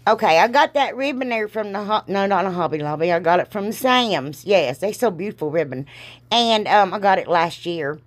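A woman's voice: medium pitch, expressive, normal speed. Woman, middle-aged, Southern accent, chatty crafting vlog, rambling, folksy, slightly congested. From Ohio, US. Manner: chatty, rambling, folksy exclamations, self-deprecating jokes. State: congested from allergies. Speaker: crafting vlogger. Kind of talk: casual crafting tutorial chat.

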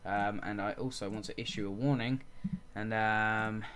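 A man's voice: fairly low pitch, steady tone, moderate pace, a bit bright, smooth. A man giving casual let's-play commentary on a football management game, calling the action play by play and muttering frustrated asides. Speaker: gaming channel host.

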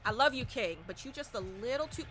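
Excitable high-voiced woman streamer. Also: fast, music in the background. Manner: chatty, excitable, talks back to the game. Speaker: live streamer. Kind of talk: casual gaming stream chat.

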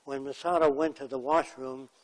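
A man's voice: medium pitch, steady tone, moderate pace, poor audio. A man giving a lecture, telling plain anecdotes and acting out the people in them. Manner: anecdotal, plainspoken, acts out quotes. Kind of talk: storytelling lecture.

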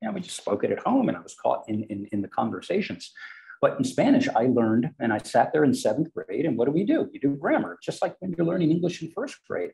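A man who grew up speaking Portuguese at home, a podcast guest telling stories with animated delivery. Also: mid-range voice, fast talker, vocal fry, poor audio. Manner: animated, acts out quoted voices. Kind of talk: storytelling in an interview.

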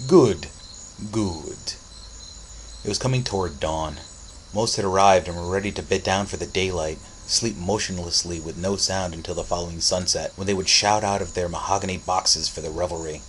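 A man with a deep, low voice reads a story aloud. His delivery is steady and dramatic. A faint hum of crickets sits behind him. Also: brisk, low-quality recording. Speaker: narrator. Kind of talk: audiobook reading.

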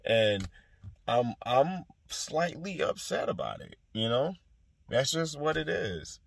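A man's voice: medium pitch, big pitch swings, takes it slowly, gravelly, slightly rough, no room sound. A young man ranting to camera in a profane, rambling, exasperated way. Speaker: soldier venting. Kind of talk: casual rant to camera.

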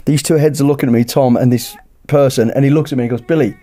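A British man, a podcast guest, telling a lively anecdote in casual chat and acting out the dialogue. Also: medium pitch, fast. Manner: lively anecdote-teller who acts out dialogue. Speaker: podcast guest, former bodyguard.

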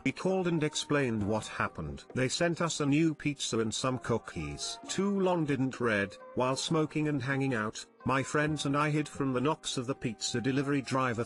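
A man reading online posts aloud as scripted narration at a steady, even pace. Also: mid-range voice. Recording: faint background music.

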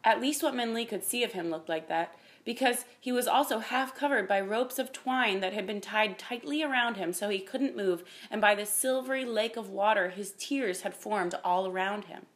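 A woman reading a children's chapter book aloud in a calm, even manner. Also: medium pitch, moderate pace, few pauses. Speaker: reader. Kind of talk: storybook reading.

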